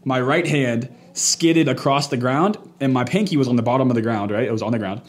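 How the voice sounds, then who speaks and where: A young man hosting a casual faith podcast, loud and quick to laugh, telling animated stories. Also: mid-range voice. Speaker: podcast host. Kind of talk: casual chat.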